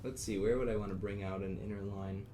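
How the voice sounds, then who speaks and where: A man's voice: on the low side, steady tone, fast talker, crowd noise. A man in his twenties, a composition student, talking casually and thinking aloud in a lesson. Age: 20s. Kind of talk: private lesson discussion. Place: university music lesson room.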